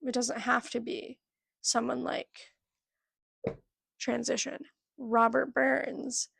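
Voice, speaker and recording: A young woman chats about her reading in a chatty, giggly way. Her voice is heavily gravelly and husky and a little high, and it sounds dry and close to the mic. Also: little pitch movement, slow pace, fairly bright tone, no echo. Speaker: book vlogger. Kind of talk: casual chat.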